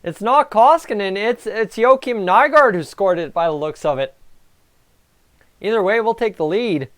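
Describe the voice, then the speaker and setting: A Canadian man hosts a live stream, offering excitable, chatty reaction commentary on a hockey game while talking with his viewers. His voice sits high, at a moderate pace.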